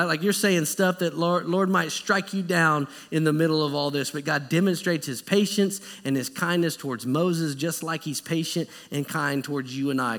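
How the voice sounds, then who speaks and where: A male pastor preaching with a high, lively voice. He moves between plain storytelling and acted-out lines, and the sound hangs in a long church reverb. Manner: conversational, animated preaching with acted-out quotes. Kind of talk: sermon. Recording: echoey church hall.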